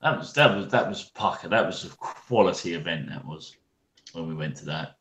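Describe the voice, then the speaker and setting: Speaking with a British English accent, this male podcast co-host has a low-pitched, fairly bright voice that is animated and moves at normal speed. He teases his friends in laid-back slang during the casual chat. The room sounds echoey.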